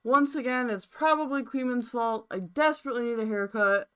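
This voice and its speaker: A woman's voice: fairly high pitch, brisk, fairly bright tone, clean tone. A woman live streaming from her own room, chatting casually to her viewers in a rambling, mildly profane way.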